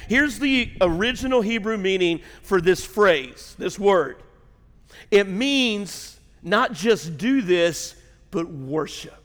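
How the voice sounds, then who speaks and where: A man preaching a sermon in a church, folksy and joking with the congregation, emphatic and slow when reading scripture. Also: sits high, a bit bright. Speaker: pastor. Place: church sanctuary. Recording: long hall reverb.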